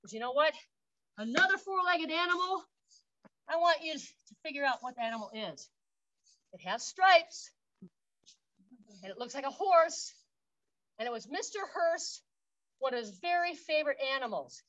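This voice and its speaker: A woman's voice: high voice, expressive, moderate pace, long pauses, fairly bright tone, lo-fi sound. A woman park guide leading an outdoor workout, upbeat, counting reps aloud and cheering, a little out of breath. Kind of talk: instructional exercise demonstration.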